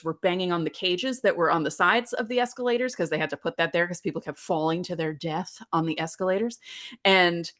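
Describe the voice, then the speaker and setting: A woman in her thirties hosts a solo podcast in a casual, rambling way. Her voice sits a little low, and she tells her story with plenty of chatty asides. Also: a bit bright. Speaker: podcast host.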